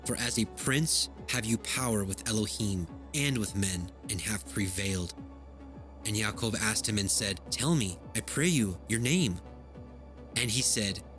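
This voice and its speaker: A man reading scripture aloud in a slow, solemn, measured way. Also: fairly low pitch, a bit bright. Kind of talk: scripture reading over music.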